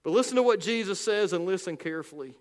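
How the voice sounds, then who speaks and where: A male pastor preaching a sermon with emphasis, slowing down and dropping low on key phrases. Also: lively intonation, long reverb tail.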